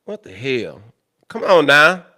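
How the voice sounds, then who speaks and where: A man's voice: a little high, sing-song, slow pace. A young man hosting a livestream, chatting casually with viewers in a blunt, profane, exasperated way. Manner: blunt and profane, loud and exasperated, swearing at tech trouble. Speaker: livestream host.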